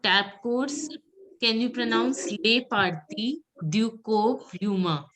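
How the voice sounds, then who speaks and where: A woman teaching a French pronunciation class, drilling words slowly and patiently. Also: fairly high pitch, fairly bright tone, slight background noise, rough recording.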